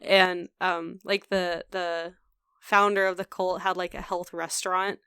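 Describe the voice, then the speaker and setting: A young woman co-hosts a podcast in a loose, chatty way, with plenty of "like" and "um". Her voice is smooth and clear at a middle pitch, recorded dry and close. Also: little pitch movement, measured pace, bright, forceful tone, no room sound. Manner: chatty, full of "like" and "um" fillers. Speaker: podcast co-host. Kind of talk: casual podcast chat.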